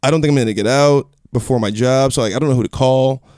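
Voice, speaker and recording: A young man telling a casual story as a podcast guest, animated, acting out quotes in a raised voice and swearing. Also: medium pitch, fast talker, clear, resonant tone, dry recording, studio quality.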